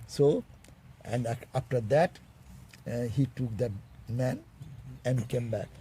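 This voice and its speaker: Mellow, husky male preacher. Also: medium pitch. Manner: chuckles often while telling; halting, restarts phrases. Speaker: monk teacher. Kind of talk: storytelling sermon.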